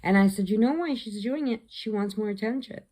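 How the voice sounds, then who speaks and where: A middle-aged woman chatting casually as a crochet vlogger, telling family stories with animated quoted voices. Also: medium pitch, fairly quick, poor audio. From American Midwest. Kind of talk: casual chat.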